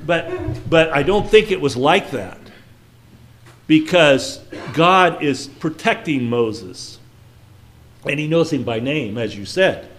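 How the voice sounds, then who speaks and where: A man's voice: on the high side, a bit bright, slight background noise. A man giving a casual Bible lesson, talking conversationally and asking his listeners questions. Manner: conversational, asks the listeners questions, frequent restarts. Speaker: Bible teacher.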